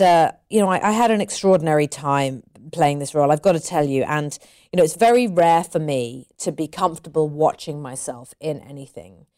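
A woman with a fairly low voice chats as an interview guest. She talks in an animated way, laughs often and restarts her sentences. The tone is casual and relaxed. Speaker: actress guest.

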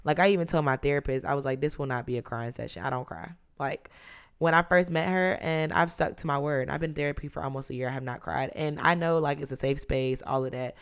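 A woman in her mid-twenties hosting her own podcast, chatting candidly with drawn-out emphasis. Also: low-pitched, clear, resonant tone. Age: 20s. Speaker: podcast host. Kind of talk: casual solo podcast chat.

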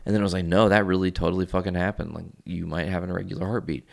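Vlogger in his thirties, deep gravelly voice, talks to his viewers in loose, swearing, confessional stories. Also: little pitch movement, rapid-fire. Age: 30s. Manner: rambling, profane, confessional. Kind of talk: casual storytelling vlog.

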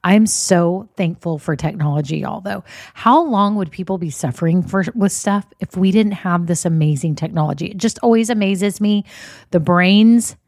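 Upbeat woman host, slightly scratchy voice, lower register, dry close-mic read. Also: normal speed, darkish tone, no echo. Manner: chatty, upbeat, encouraging. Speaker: podcast host. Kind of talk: casual podcast chat.

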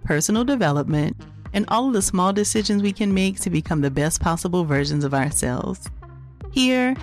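Calm woman reading a podcast promo. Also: lowish voice. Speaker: podcast host in an ad. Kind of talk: scripted promo read.

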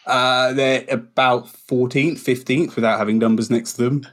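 A man's voice: medium pitch, steady tone, normal speed, a bit bright, a little hiss or hum. Man hosting a football podcast. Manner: runs the segments, reads out lists, quizzes the others. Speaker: podcast host. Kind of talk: casual podcast chat.

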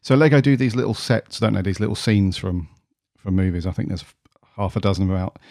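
The voice of a man co-hosting a podcast, easygoing and quick to laugh, with casual swearing. His low, mellow voice is heard close and dry. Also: steady tone, vocal fry, no echo. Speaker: podcast co-host.

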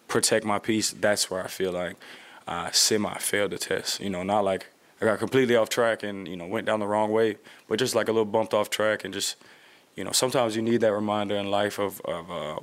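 A man in his thirties answering press conference questions in a relaxed, reflective way with many fillers. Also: lowish voice. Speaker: football player at press conference.

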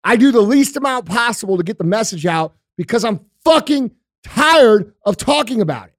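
A man's voice: high voice, lively intonation, moderate pace, no echo, studio quality. A man in his forties hosting a podcast, ranting with heavy swearing and emphatic repetition. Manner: profane, emphatic, repeats himself. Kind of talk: heated opinionated rant.

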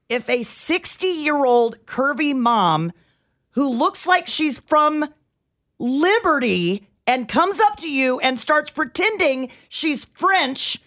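A woman's voice: high-pitched, a bit bright. A woman co-hosting a radio show, chatty and wry in morning banter.

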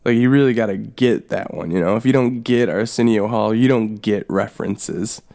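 A man co-hosting a casual comedy podcast, rambling with deadpan, self-deprecating sarcasm. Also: fairly low pitch, normal speed, creaky. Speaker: podcast co-host.

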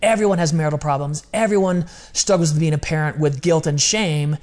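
A man's voice: on the high side, steady tone, darkish tone. Earnest man, candid podcast talk. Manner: earnest, confessional, quick bursts of speech. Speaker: podcast co-host.

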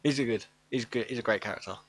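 A man's voice: mid-range voice, very fast. A man co-hosting a casual chat about a film, asking questions and joking. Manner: chatty, asks questions, jokes.

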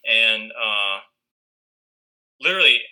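Bright-voiced man telling a story. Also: fairly low pitch, animated, slow pace, poor audio. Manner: rambling, many fillers. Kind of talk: casual storytelling chat.

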